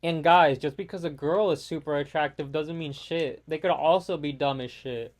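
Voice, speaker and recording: A man's voice: fairly high pitch, moderate pace. A young man ranting casually with lots of swearing while commenting over his gameplay. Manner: profane, exasperated ranting. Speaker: gaming YouTuber.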